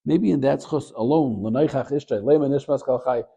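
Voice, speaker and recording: A man, a rabbi and Torah teacher, giving a short Torah talk as an animated storyteller. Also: normal speed, vocal fry, slightly rough, highs cut off. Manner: animated storyteller, gets louder and higher at the story's peak.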